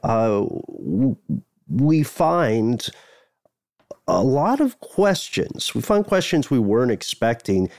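A man's voice: medium pitch, very animated, takes it slowly, vocal fry, a little mellow, dry recording, studio quality. A man co-hosting a podcast in casual chat, rambling and often correcting himself. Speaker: podcast co-host.

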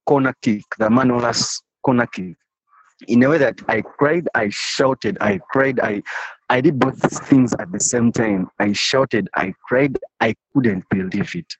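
In a dry, slightly dull, echo-free recording, a Ugandan football fan being interviewed tells a heartfelt story, frequently restarting and repeating himself. His mid-range voice has a breathy edge and a measured pace.

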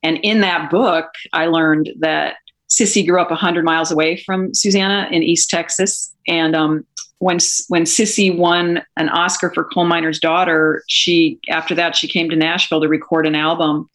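Woman filmmaker, low-ish voice, animated storyteller, interview guest. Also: moderate pace. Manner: animated anecdotal storytelling, laughs often. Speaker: documentary filmmaker.

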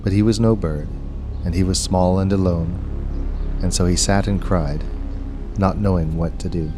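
A man reading a story aloud as narrator, in a measured, unhurried storytelling manner. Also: low-pitched, fairly even intonation, over music. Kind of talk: scripted audiobook narration.

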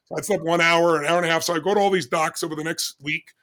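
A man in his sixties telling a personal story in an interview, animated and acting out the dialogue he recalls. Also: a little high, quick pace. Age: 60s. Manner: animated, acts out dialogue with doctors. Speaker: interview guest.

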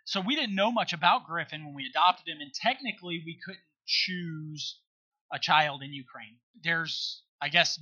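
A middle-aged male guest tells a personal story in casual conversation, earnest and emphatic, often checking in with his listener. His voice is fairly high with a sharp tone, and the audio is poor.

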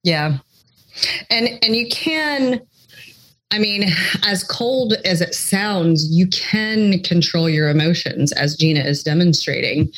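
Chatty low-voiced woman co-host. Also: animated, slow pace, low-quality recording. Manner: chatty, many "like" fillers. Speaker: podcast co-host. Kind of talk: casual chat.

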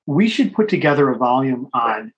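A man's voice: medium pitch, sing-song, normal speed, lo-fi sound. A man, a professor guest on a podcast, explaining his work. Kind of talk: interview answers.

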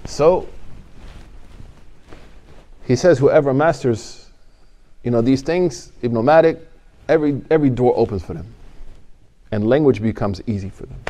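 A religious studies teacher with a warm, mid-range voice gives a casual lecture. He's joking and conversational, though at times he rises into emphatic exhortation.

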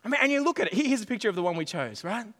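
A man in middle age delivers a sermon in a fairly high voice, lively and playful, doubling back on his words as he goes. His voice rings out with a long reverb, as if he is in a large church hall. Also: rapid-fire. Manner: animated, jokey, repeats phrases. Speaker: pastor.

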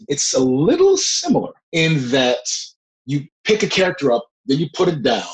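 A middle-aged man speaks at an ordinary pitch, recounting his work as an actor in a relaxed interview. He tells his stories with animation and laughs between them. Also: low-quality recording. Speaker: actor, guest. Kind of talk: casual interview storytelling.

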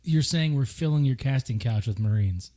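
A man's voice: mid-range voice, animated, normal speed, dark tone. A man co-hosting a podcast in easy banter. He cracks jokes and swears freely while chipping in with details. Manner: wisecracking, profane banter. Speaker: podcast co-host. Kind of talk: casual chat.

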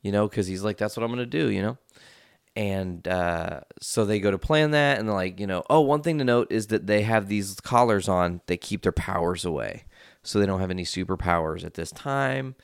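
A man's voice: low voice, expressive, moderate pace, gravelly, smooth, no echo, studio quality. A man casually recapping a movie plot in a rambling way, with lots of fillers and frequent swearing. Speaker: movie reviewer.

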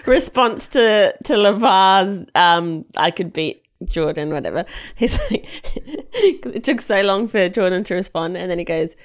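A woman's voice: mid-range voice, lively intonation, unhurried, hardly any pauses. A woman co-hosting a podcast, chatting casually in a giggly, playful way. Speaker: podcast co-host. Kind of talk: casual chat.

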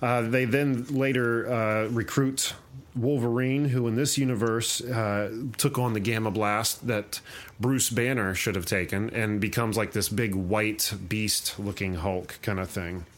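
A man hosting a casual chat show, retelling a story in a long-winded, animated way. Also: on the low side, a little slow.

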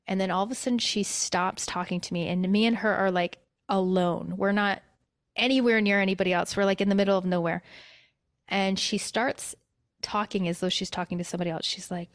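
A woman's voice: mid-range voice, steady tone, brisk, no room sound, studio quality. A young adult woman telling an emotional personal story as a guest, with many fillers and restarts.

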